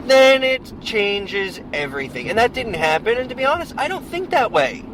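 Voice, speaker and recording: A man's voice: extremely high pitch, big pitch swings, moderate pace. A man co-hosting a podcast, talking casually and emphatically in a car, rambling through his opinions. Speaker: podcast co-host. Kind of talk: casual chat. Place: inside a car on the road. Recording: loud road noise in a car.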